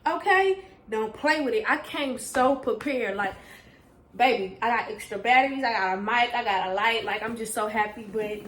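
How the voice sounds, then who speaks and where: Excitable young woman. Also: on the high side, normal speed, echoey room, a little hiss or hum. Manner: gushing, excitable, talks straight to viewers with "y'all". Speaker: vlogger. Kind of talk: casual unboxing vlog.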